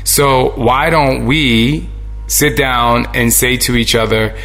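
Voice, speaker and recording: Guy with a gravelly voice ranting earnestly on his podcast, faint music under him. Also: medium pitch, slow. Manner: animated, earnest, with restarts. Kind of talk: casual monologue.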